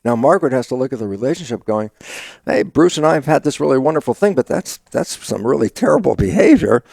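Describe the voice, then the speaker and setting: Older male interview guest, gravelly tone, dry close sound, animated storyteller who voices his own quotes. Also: mid-range voice, fast talker, no echo. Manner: acts out his own inner dialogue in quoted exchanges, laughing often. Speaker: guest, stem cell biologist.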